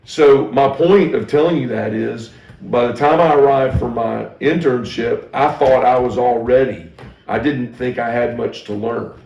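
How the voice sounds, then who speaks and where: A man's voice: medium pitch, a little slow, creaky, darkish tone, muffled recording. A middle-aged man, a pastor, telling a candid and self-deprecating story from his own training as part of a teaching talk for ministry staff, often restarting his sentences. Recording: echoey room.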